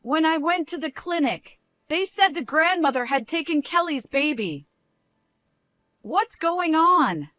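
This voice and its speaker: A woman doing a shrill, slow, indignant young woman. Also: animated, bright, forceful tone, no room sound, full character voice. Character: suspicious young woman, scheming friend.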